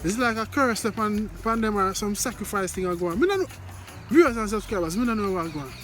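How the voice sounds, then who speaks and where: A man's voice: high-pitched, fast, a bit bright, faint music behind. A Jamaican man talking to his viewers in a rambling, casual commentary with lots of repeated greetings. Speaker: vlogger commenting on news.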